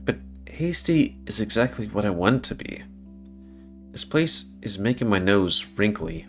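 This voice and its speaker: A man's voice: fairly low pitch, sing-song, a little slow, soft background music. A man voicing a blunt young working man in a visual novel, wry and plain-spoken, close to his own voice.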